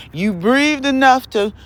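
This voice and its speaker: On her own podcast, a woman delivers a preaching-style monologue, emphatic and full of laughs and rhetorical questions, her voice leaping dramatically from high to low. The sound is a bit bright.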